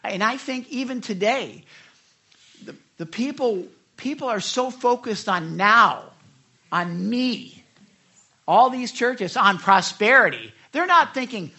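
A middle-aged man preaching a conversational sermon, reading scripture and rising into sudden loud, high bursts for emphasis. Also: very animated, takes it slowly. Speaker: pastor.

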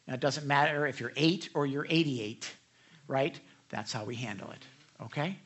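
A man preaching a sermon as pastor, animated and acting out the people in his stories. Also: medium pitch, moderate pace, slightly rough. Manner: animated, acts out quoted people.

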